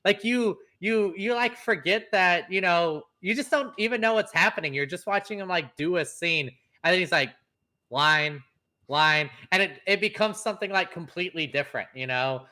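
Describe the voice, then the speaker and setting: A young man co-hosting a casual podcast, talking fast and animatedly with lots of fillers. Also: high voice, lively intonation, sharp tone. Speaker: podcast co-host. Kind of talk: casual chat.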